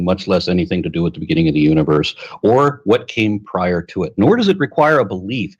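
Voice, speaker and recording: Measured academic man, husky voice. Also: sits low. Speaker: debater. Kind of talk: debate argument.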